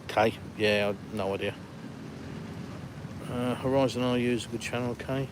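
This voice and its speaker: A retired Englishman hosting a live stream outdoors, reading out viewer comments and answering them in relaxed, chatty talk. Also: mid-range voice, normal speed, noisy background. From England. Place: outdoors in a village, walking.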